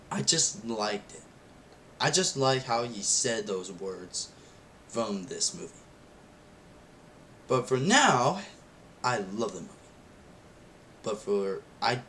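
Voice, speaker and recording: A young man hosts a casual film review vlog at an unhurried pace. He rambles excitedly and restarts his sentences often. A faint rumbling noise sits under his voice. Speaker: channel host reviewing a film.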